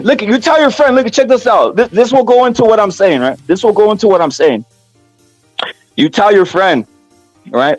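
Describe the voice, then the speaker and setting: High-voiced guy ranting about boxing, swears a lot, keeps repeating himself, dry close mic, faint music under. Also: gravelly, dry recording. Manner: profane, repetitive, heated. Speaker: boxing commentary channel host. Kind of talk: casual opinion rant.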